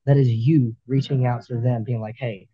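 Guy firefighter on a podcast, real dark husky voice, kinda halting and earnest, dry dull sound. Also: medium pitch, steady tone, no room sound. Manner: earnest, halting, many restarts. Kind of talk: candid interview talk.

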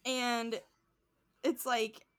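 A woman's voice: on the high side, little pitch movement, drawn-out words, fairly bright tone. A woman in casual podcast chat, recapping a show with lots of fillers and acted-out quotes. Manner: chatty, heavy use of "like", acts out quotes. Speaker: podcast co-host.

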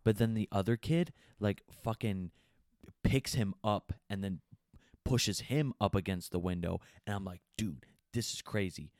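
A man's voice: fairly low pitch, measured pace, a little mellow, no echo, studio quality. A young man telling a story to a friend in casual chat, hesitant and full of fillers.

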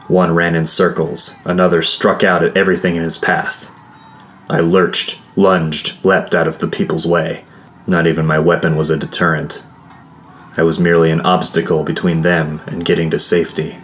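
A man narrating a first-person fantasy adventure in a steady, measured storytelling voice. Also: deep voice, a little hiss or hum. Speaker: audiobook narrator.

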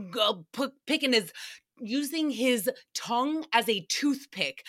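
Young woman podcast host, swears a lot, sarcastic recap rant, bright sharp voice kinda high. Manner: profane, sarcastic, animated storytelling. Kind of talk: casual comedic recap monologue.

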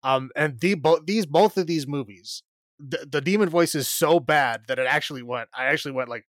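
A man's voice: on the high side, normal speed, a bit bright, no room sound. A man co-hosting a podcast, chatting casually about a film in a rambling, exasperated way, with plenty of fillers and restarts. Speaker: podcast co-host. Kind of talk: casual film review chat.

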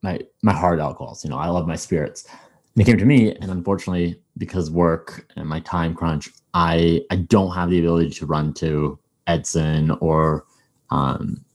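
A man's voice: sits low, fairly even intonation, moderate pace. A man hosting a podcast, chatting casually and rambling with many fillers and restarts. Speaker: podcast host. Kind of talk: casual chat.

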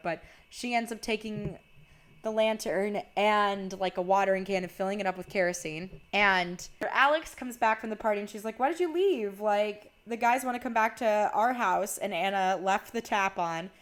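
A woman's voice: medium pitch, a bit bright. A young woman casually recapping a movie plot, chatty and peppered with "like", swearing freely.

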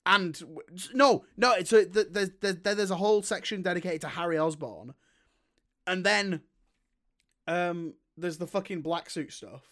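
A man's voice: sits high, moderate pace, a bit bright. A young man, co-hosting a casual film chat, rambling and swearing with lots of restarts. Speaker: podcast co-host.

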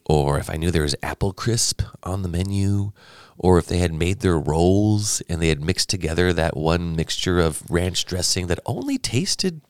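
A man with a gravelly voice chatting animatedly on a podcast, slipping into funny voices as he tells stories. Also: low-pitched, normal speed, no room sound, studio quality. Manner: animated storyteller who jumps into funny voices. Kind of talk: casual chat.

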